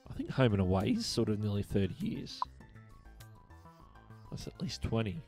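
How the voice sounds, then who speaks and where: A man's voice: lowish voice, huge pitch swings, normal speed, creaky, a little mellow, soft background music. A man with an Australian accent hosting a casual live-stream trivia show, chatting and reading viewer messages aloud. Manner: chatty, reads chat messages aloud, chuckles often. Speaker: livestream host.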